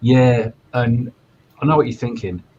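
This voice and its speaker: A man's voice: medium pitch, unhurried, muffled recording, over a noisy crowd. A self-deprecating man, a podcast guest in casual chat. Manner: self-deprecating, laid-back.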